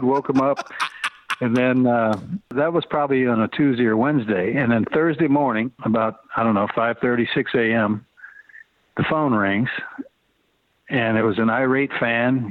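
A man's voice: mid-range voice, dry recording. A man around sixty telling stories bluntly and casually, with cursing, as an interview guest. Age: 60s. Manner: blunt, laid-back storytelling with cursing. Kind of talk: storytelling interview answers. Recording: phone-line sound.

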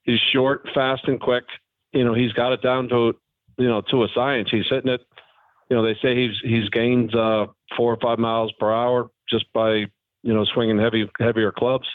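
A former pro golfer, a man, talking haltingly but frankly as a phone-in guest on a radio interview. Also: mid-range voice, little pitch movement, no echo. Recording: tinny phone line.

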